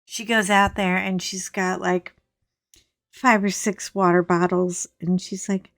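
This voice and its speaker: A woman's voice: medium pitch, level tone, unhurried, gravelly, fairly bright tone, no room sound, studio quality. A woman hosting a casual video from home, chatting and telling a story into a desk microphone, laughing often and breaking into acted quotes. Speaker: vlog host.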